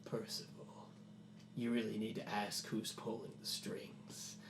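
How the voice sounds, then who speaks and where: A man's voice: on the low side, level tone, measured pace, reverberant, a little hiss or hum. A man voicing a sinister one-eyed male entity trapped in a wardrobe, in a menacing, taunting whispered role-play.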